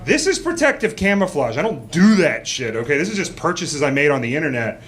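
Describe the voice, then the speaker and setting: Rambling, animated man telling a story live. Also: on the high side, fairly quick, background noise. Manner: rambling, animated, with many fillers and asides. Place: small cabaret stage before a live audience.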